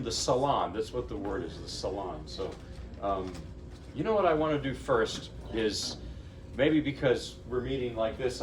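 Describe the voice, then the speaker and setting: Recorded on a distant mic with faint room ambience and a bit of hiss or hum, this mid-range male voice belongs to a pianist from New Jersey giving a lecture-recital. Between pieces in an intimate, living-room-style recital space, he chats informally, wanders off topic and interrupts himself, all in a light, easygoing mood.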